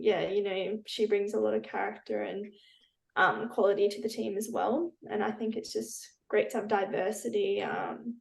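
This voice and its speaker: A young woman with a middle-pitched voice talks in an upbeat, rambling way, full of "yeah" and "I think". She speaks over a video call in a casual interview. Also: vocal fry, darkish tone, poor audio. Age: young adult. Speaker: football player.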